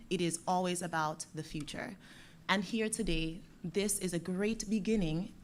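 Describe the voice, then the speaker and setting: Young woman from Dominica, ceremony speaker, playful and encouraging with kids, faint noise behind. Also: lowish voice. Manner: lively, playful with the children, warm encouraging. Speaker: guest speaker from a bank. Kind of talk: ceremony speech to schoolchildren.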